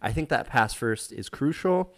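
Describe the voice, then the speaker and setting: A man hosts a loose sports talk show. He keeps things casual and jokey, steering from one topic to the next. His voice sits at a plain middle pitch. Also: normal speed. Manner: relaxed, joking, laughs at the chat. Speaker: podcast host. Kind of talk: casual sports podcast chat.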